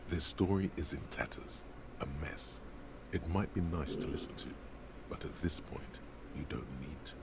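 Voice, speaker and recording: A grim inner voice of a game, extremely deep and gravelly, delivering terse, solemn lines. Ambient hiss sits under it. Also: male voice, moderate pace. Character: grim disembodied inner voice narrating a detective's thoughts.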